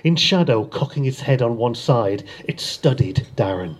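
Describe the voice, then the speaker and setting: His voice sits in the mid range with a breathy edge, and he keeps a moderate pace. The author chats a little, then narrates the beginning of his crime novel steadily for a live crowd.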